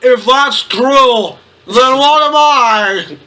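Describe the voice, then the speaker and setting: Man reading a mournful male alien doctor, high, earnest, pleading, bright tone. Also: drawn-out words, full character voice, poor audio.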